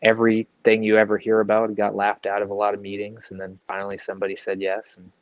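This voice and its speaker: Low-voiced guy rambling as a guest on a chat show, lots of "like" and "you know", dull, dry lo-fi audio. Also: completely flat delivery, fast, dry recording. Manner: rambling and conversational, lots of fillers and quoted asides. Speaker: guest comic book creator. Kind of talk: casual interview chat.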